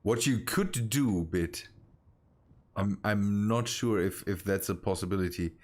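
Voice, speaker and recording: Slow, halting male game streamer. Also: fairly low pitch. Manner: halting, restarts phrases while busy. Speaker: streamer directing teammates. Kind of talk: casual gaming chat.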